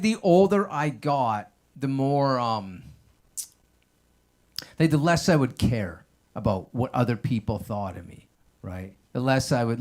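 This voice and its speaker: A man doing a loose, rambling stand-up set at an open mic, peppering his talk with "like" and "man". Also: medium pitch. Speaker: stand-up comedian. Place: stage at an open mic showroom.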